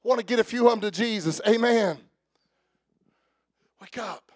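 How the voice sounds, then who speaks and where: A male pastor, preaching a sermon that swings from shouting fervor to hushed, earnest prayer. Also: very high-pitched, fast, no room sound, studio quality.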